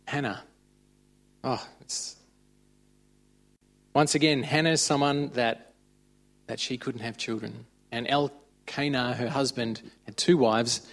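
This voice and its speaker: Chatty man preaching. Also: medium pitch. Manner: conversational, chatty retelling of stories. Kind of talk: informal sermon.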